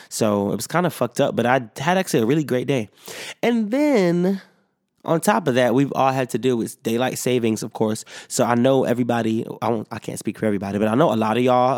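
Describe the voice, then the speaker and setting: This podcast host rambles through his solo show with plenty of swearing, fillers, and restarts, sounding sleepy, yawning, and a bit sick. His medium-pitched voice is a little mellow, captured in a dry, clean studio recording.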